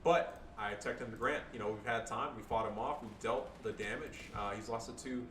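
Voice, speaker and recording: A man with a bright, edgy voice talks through his own match in fast, jokey, foul-mouthed game commentary, swinging from calm calls into excited outbursts. He sits a little back from the mic in a roomy, echoing space, with a faint hiss under him. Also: medium pitch, distant mic. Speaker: gameplay commentator.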